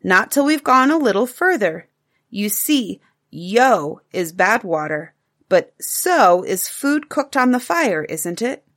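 A woman's voice: medium pitch, sing-song, slow pace, a bit bright, full character voice. A woman voicing a patient, playful cave-man father who explains things, in a storybook reading.

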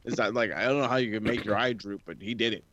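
A man co-hosting a casual wrestling podcast, talking in a profane, animated way. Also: lowish voice, quick pace, dull audio, slight background noise. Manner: profane, animated, puts on mocking voices in stories. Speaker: podcast co-host.

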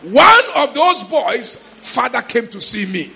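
A man with a Ghanaian accent preaching a sermon in church, shouting in a sing-song way with sudden high cries. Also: sing-song, takes it slowly, gravelly, hardly any pauses, slight background noise. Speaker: pastor.

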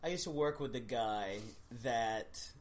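A woman's voice: rumbling low, expressive, unhurried. A woman chatting on a podcast in a casual, agreeable way, laughing often and chiming in.

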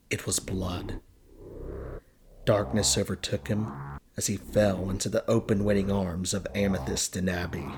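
A man narrating a dark fantasy story in a steady, descriptive reading. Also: low voice, noisy background.

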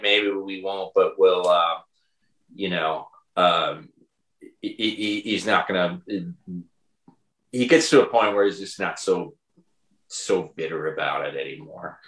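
A man with a low voice and a bright, forceful tone, chatting about his own songs. He talks haltingly, with lots of restarts, and the room adds an echo. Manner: hesitant, full of restarts and fillers. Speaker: songwriter and bandleader. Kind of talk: casual conversation about an album.

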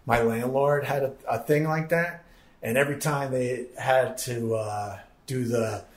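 A man's voice: medium pitch, steady tone, measured pace. A man hosting a casual chat, joking and teasing as he talks. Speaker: host. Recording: echoey room from far off, background noise.

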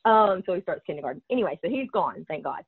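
A woman's voice: lowish voice, expressive, fast talker, breathy edge, dry recording. Middle-aged woman co-host, Alabama drawl, rambling and jokey; tinny phone-like sound, dry. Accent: Alabama Southern. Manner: chatty, rambling, joking. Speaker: podcast co-host. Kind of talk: casual chat.

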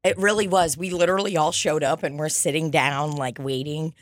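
A woman's voice: deep voice, steady tone, brisk, no room sound, clean studio sound. A woman co-hosting a casual comedy chat, telling a rambling story with plenty of laughter.

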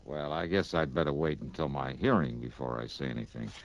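A man's voice: very deep voice, a little fast, vocal fry, highs cut off. An actor playing a laconic, wisecracking male investigator who narrates a 1950s radio drama. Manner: laconic, wry, casual. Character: wisecracking male insurance investigator, cool and ironic. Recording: noisy vintage radio broadcast.

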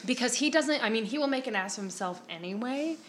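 A woman's voice: fairly high pitch, animated, fast, fairly bright tone, slight background noise. A woman co-hosting a podcast, chatting casually about a TV episode, laughing often and playful. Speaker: podcast co-host. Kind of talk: casual chat recapping a TV episode.

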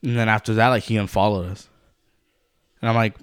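A man's voice: lowish voice, little pitch movement, a little fast, clear, resonant tone. Blunt, foul-mouthed podcast man. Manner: blunt, heavy swearing, lots of "like". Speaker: podcast co-host. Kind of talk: casual profane podcast chat.

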